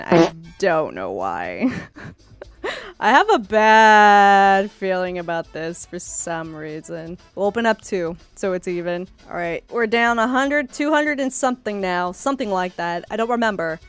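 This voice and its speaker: A woman giving casual gameplay commentary, excitable and playfully dramatic, gasping at each result. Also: medium pitch. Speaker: gaming YouTuber. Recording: faint music behind.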